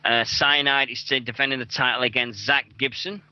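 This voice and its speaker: A man's voice: medium pitch, fairly even intonation, a little fast, pushed and bright, dry recording. A young man hosting a wrestling radio show, rambling through event listings with plenty of swearing and self-mockery. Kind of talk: casual show chat. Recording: dull lo-fi dry recording.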